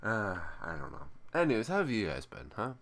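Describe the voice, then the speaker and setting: A man's voice: fairly low pitch, huge pitch swings, a little fast, a bit bright. A tired young man talking casually to his viewers, rambling and self-mocking with sighs and groans. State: tired and drowsy. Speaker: YouTuber. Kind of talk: casual vlog talk to camera.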